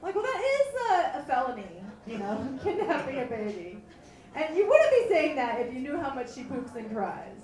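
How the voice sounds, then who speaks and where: A woman host doing a live standup comedy set, telling animated self-deprecating jokes in a bar. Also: high voice, moderate pace. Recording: roomy bar, mic picked up from a distance, crowd noise.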